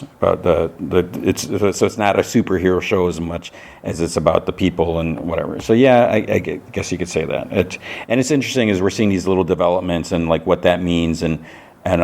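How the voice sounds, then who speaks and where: A man's voice: low-pitched, gravelly, a little mellow. A man co-hosting a podcast, giving a loose, meandering recap of a TV episode. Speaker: podcast co-host.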